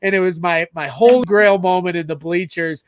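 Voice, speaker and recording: A man hosting a casual sports talk show, telling a long anecdote in an animated, rambling way. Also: high voice, normal speed, a little hiss or hum. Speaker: podcast host.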